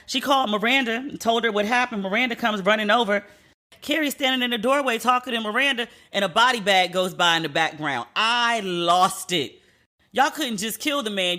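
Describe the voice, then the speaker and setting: Bright, animated woman podcast host. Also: mid-range voice. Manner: animated, talks back to the show with exclamations. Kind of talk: casual chat with ad read.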